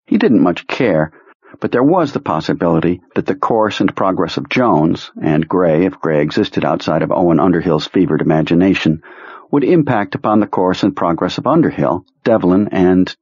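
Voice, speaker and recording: A male narrator reads a novel aloud in a measured, dramatic way. His low, husky voice is close and dry. The recording sounds muffled and lo-fi. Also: lively intonation, darkish tone, no echo. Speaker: audiobook narrator. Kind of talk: scripted narration.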